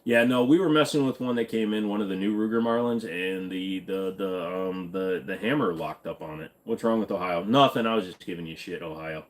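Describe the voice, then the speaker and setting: A man's voice: low voice, fairly quick, few pauses. A man hosting a casual livestream, joking as he reads and answers viewer comments. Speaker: livestream host.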